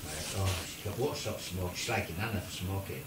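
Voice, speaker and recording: An older man, a grandfather, telling a silly made-up story in an animated way, with squeaky put-on voices for the people in it. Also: a little fast, noisy background. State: ill. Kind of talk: playful bedtime-style storytelling. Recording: roomy home video from a distance.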